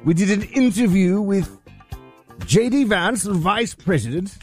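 A man's voice: high-pitched, expressive, a little slow, faint music behind. A man co-hosting a talk radio show, wry and joking.

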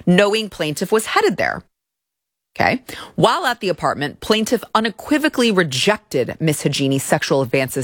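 A woman's voice: on the low side, no echo, clean studio sound. A woman hosting a show, reading out and commenting on a court filing in a wry, incredulous way. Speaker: host.

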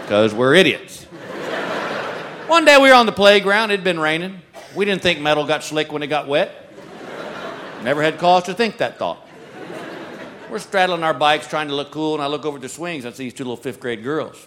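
A middle-aged stand-up comedian with a high-pitched voice tells self-mocking stories during his routine, giggling at his own jokes. He performs in a large venue before a live audience, and the recording is full of crowd noise and loud ambience.

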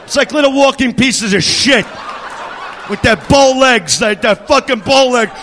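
A man doing a crude, aggressive stand-up rant with shouted bursts. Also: very high-pitched, unhurried, slight background noise. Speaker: stand-up comedian. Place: comedy club stage.

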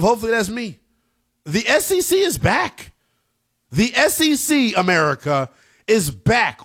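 A man hosting a college football radio show, energetic and slangy, with quick hype and asides. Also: high-pitched. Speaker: sports radio host.

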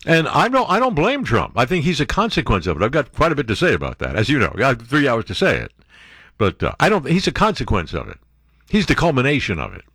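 A man's voice: mid-range voice, wildly swooping pitch, fast talker, fairly bright tone, slightly rough, dry recording, clean studio sound. A man hosting talk radio, reading news aloud and mocking it with sarcastic asides.

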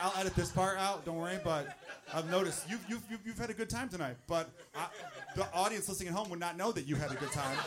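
A male stand-up comedian doing jokes and crowd work, animated and teasing, on a handheld mic in a comedy club. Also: sits high. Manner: animated, teasing, talks to audience members. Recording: noisy live club recording.

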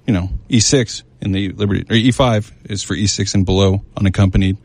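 A man hosting a casual radio show in a studio, talking in a self-described monotone way. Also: lowish voice, brisk, creaky, husky, dry recording. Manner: calls himself monotone, laid-back delivery. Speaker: radio host. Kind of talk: casual on-air radio chat. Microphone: studio microphone.

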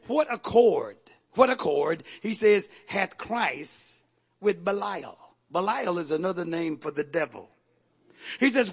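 A man's voice: high voice, creaky, fairly bright tone, husky. A man preaching a sermon with fervor, repeating questions to his congregation and calling on them to respond. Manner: calls on the crowd for response.

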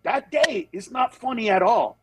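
A man, a comedian, talking in a casual podcast conversation, telling animated stories, slipping into quick character voices, and turning earnest and emphatic on serious points. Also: very high voice, slight background noise, rough recording. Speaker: stand-up comedian guest.

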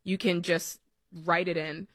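A woman co-hosting a call-in advice show, explaining things clearly and with emphatic stress. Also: fairly low pitch, level tone, measured pace, a bit bright, no room sound. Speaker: radio show co-host.

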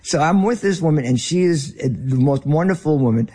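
A man's voice: on the high side, expressive, moderate pace, dark tone, husky. A man with a Northern US accent, a ministry leader and guest, telling an earnest story in conversation. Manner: earnest anecdotal, some restarts.

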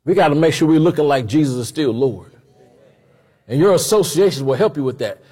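A man preaching a sermon in a conversational, animated way. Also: a little high, a little fast, breathy edge, in a large hall. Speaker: pastor.

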